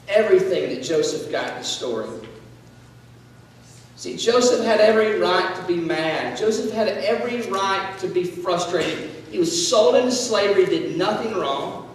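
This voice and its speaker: A man with a high voice tells a Bible story as a laid-back sermon, chatty and animated, with plenty of "like" and restarts. He is heard from far off in a large hall, and his words ring in a long, echoing reverb. A faint hum of noise sits underneath. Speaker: student speaker.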